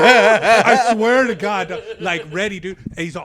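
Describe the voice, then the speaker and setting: A man co-hosting a comedy podcast, telling a story in animated street slang and laughing as he goes. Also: a little high, fast, dry recording. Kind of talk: casual storytelling. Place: podcast studio.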